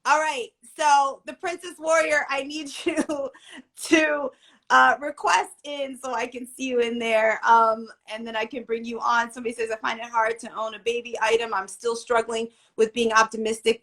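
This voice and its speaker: A woman in her forties hosting a casual livestream chat, animated and chatty, on a video call. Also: a little high, unhurried. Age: 40s. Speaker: host.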